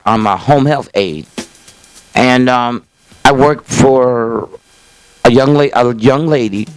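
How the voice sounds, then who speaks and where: An older man hosts a small call-in talk show, speaking casually and folksily straight to camera. His voice sits at an ordinary middle pitch, and he rambles with frequent restarts and "you know"s. Faint music hums somewhere underneath. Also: smooth. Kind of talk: casual rambling monologue to viewers. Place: small indoor set filmed by a cameraman.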